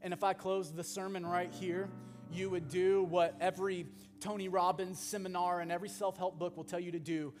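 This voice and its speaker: High-voiced animated preacher in a reverberant hall. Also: male voice, moderate pace. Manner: animated, swings from loud to hushed. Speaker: pastor. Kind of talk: sermon. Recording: long hall reverb with music behind.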